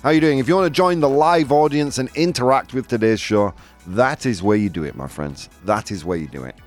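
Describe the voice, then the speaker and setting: A man's voice: mid-range voice, a little fast, soft background music. A man in his forties hosting a live show with a jovial, playful manner and frequent laughs. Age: 40s. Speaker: host.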